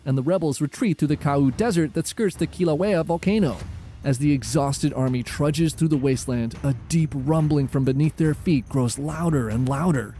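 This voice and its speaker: A man giving dramatic, measured scripted narration of a history documentary. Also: on the high side, mellow. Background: faint music.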